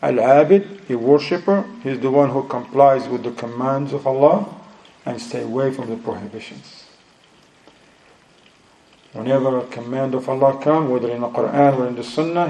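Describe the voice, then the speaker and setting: A man teaches a religion class and calls out Arabic terms for his students to answer. His voice is mellow and warm, at an ordinary pitch. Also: moderate pace, poor audio. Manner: switches between English and Arabic terms, quizzes students; acts out inner voices in a lower, quieter tone. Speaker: Islamic studies teacher.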